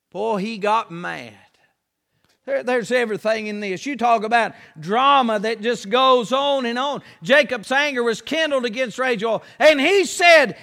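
A man preaching a folksy, emphatic sermon that rises to shouts. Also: extremely high pitch, vocal fry, big-room sound.

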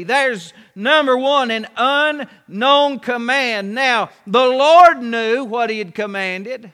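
Brief: pastor, man, very high and bright voice, slow folksy sermon, long church reverb. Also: clear, resonant tone. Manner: folksy, storytelling, asks rhetorical questions.

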